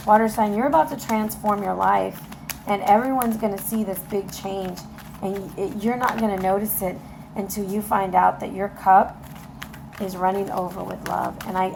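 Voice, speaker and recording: A woman's voice: mid-range voice, gravelly, noisy background. A woman giving a casual tarot reading, talking straight to viewers in an encouraging way, her voice getting tired. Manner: encouraging, talks straight to viewers, keeps checking in with "okay?". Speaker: tarot reader.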